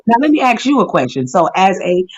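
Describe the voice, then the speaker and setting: A woman's voice: medium pitch, very animated, fairly quick, crowd noise. A woman co-hosting a podcast in casual chat, blunt and emphatic with slangy phrasing. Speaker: podcast co-host. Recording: dull lo-fi recording.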